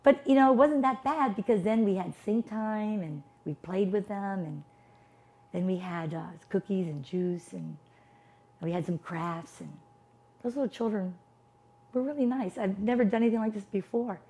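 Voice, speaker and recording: Fifties woman, non-native English, storytelling speaker, animated and emphatic, mid-pitched. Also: normal speed. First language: non-English household language. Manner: animated, emphatic, asks rhetorical questions. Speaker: motivational speaker. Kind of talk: personal storytelling testimony.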